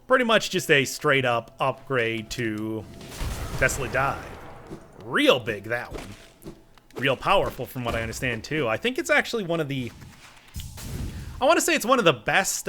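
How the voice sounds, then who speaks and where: Man, game commentary, bright voice, lively swings in pitch, joking, casual. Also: slight background noise. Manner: animated, joking, talks to game characters. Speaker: gaming let's-player.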